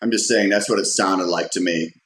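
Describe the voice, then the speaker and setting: Low-voiced guy telling a rambly story, lots of ums, echoey room. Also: steady tone, fairly quick, fairly bright tone, slight background noise. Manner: rambling, many fillers and restarts; acts out quotes in a raised voice. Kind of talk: casual personal storytelling. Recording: roomy echo.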